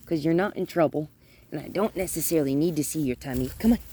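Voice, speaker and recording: Outdoors by her front yard and gate, a woman dog trainer walks through a hands-on session in a mellow, warm, low-sitting voice at a quick pace. She shifts between soft, coaxing praise and plain explanation, with faint background noise around her.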